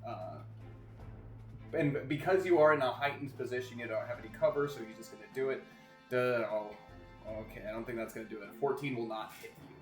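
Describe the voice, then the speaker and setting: A man's voice: mid-range voice, quick pace, soft background music. Chuckling male game master, echoey room. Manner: relaxed, chuckling, with many fillers. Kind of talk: narrating a tabletop game. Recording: roomy echo.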